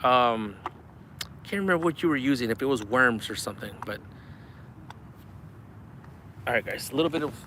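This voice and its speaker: A man's voice: mid-range voice, lively intonation, moderate pace, pauses often, sharp tone, slight background noise. A man hosting a live fishing stream from a riverbank, chatty, thankful and a bit out of breath. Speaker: fishing livestream host. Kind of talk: live-stream chat reading super chats. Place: outdoors at a riverbank.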